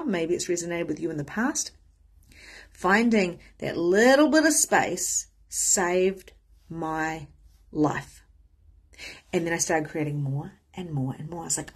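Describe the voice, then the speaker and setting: A woman's voice: medium pitch, slightly rough. A woman giving a candid, casual motivational talk as a spiritual coach, swearing freely and acting out the voices of people she quotes.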